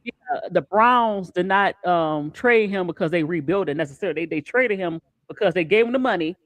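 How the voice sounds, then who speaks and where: A man hosting a casual sports talk stream, animated and repeating words as he gets going. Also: sits high, fairly quick, dry recording. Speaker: show host.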